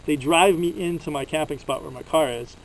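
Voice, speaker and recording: A man's voice: fairly high pitch, fairly quick, creaky, slight background noise, poor audio. A young man from Canada telling travel stories in a casual, rambling vlog, full of fillers, recorded outdoors at a desert campsite. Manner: rambling, filler-heavy storytelling. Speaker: vlogger.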